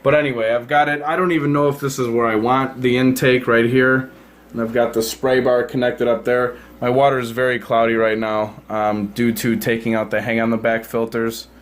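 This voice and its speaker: A man's voice: medium pitch, level tone, normal speed. A man giving a casual hands-on product demo at home beside a tank, filming on a handheld phone and rambling with lots of fillers and self-corrections. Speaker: product reviewer.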